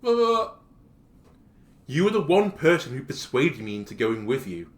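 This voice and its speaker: A man voicing a timid, tearful teenage schoolgirl who is trying to be brave, speaking softly and hesitantly, in an echoey room. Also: medium pitch, big pitch swings, unhurried. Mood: defensive.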